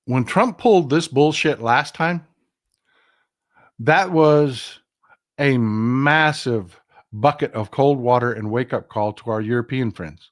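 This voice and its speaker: A middle-aged man with a Texan accent, hosting a casual political livestream in an animated, folksy way, swearing freely into a desk microphone. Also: mid-range voice, slow pace. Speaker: livestream host.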